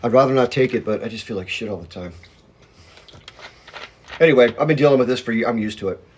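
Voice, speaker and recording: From home, a man livestreams on his phone, rambling and chewing while greeting viewers by name as comments come through. Calling himself a hyped-up talker, he speaks fast in a mid-range, darkish voice, with slight background noise behind him.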